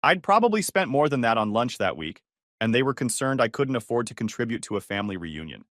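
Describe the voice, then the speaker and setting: A man narrating a first-person story in a calm, measured, wry manner. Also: mid-range voice, no room sound, clean studio sound.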